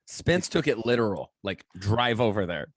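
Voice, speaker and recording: A man's voice: fairly low pitch, sing-song, moderate pace, no echo, studio quality. A man co-hosting a podcast, chiming in with short quips and reactions. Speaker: podcast co-host. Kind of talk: casual chat.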